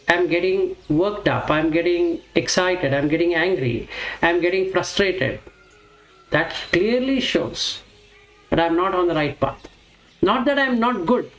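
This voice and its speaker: A man giving a reflective teaching talk on Buddhist practice, explaining step by step and asking and answering his own questions. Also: high voice. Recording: roomy echo with faint music.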